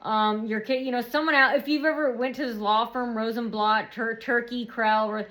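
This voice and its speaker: A woman's voice: fairly high pitch, fairly even intonation, moderate pace, few pauses, fairly bright tone. A woman talking straight to camera in a rambling personal monologue, repeating herself and circling back to her point. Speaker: vlogger.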